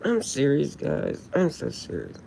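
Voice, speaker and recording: A woman's voice: very deep voice, wildly swooping pitch, measured pace, gravelly, dark tone, a little hiss or hum. A woman chatting casually on a late-night live stream, laughing often and insisting she is serious.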